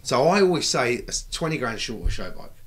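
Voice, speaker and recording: A middle-aged British man telling stories in a casual chat, lively and swearing freely as he acts out what people said. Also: medium pitch, fairly quick. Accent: British English. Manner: animated, acts out quoted dialogue, swears freely. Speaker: bike builder, guest. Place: recording studio.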